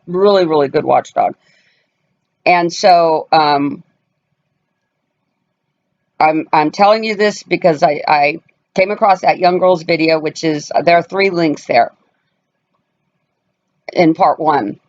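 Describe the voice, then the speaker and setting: A woman, a family vlogger with a fairly low, slightly mellow voice, recounts a personal story face to face with her audience. Casual and emphatic, she drives points home and takes on others' voices when quoting them. The sound quality is somewhat dull and lo-fi.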